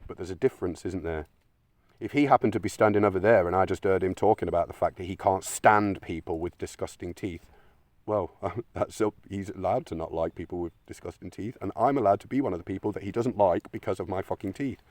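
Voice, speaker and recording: A man rants bluntly in a deep, low voice and swears freely as he argues his point. The sound is dry and close, with no room echo. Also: brisk, darkish tone. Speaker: channel host. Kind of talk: opinionated monologue.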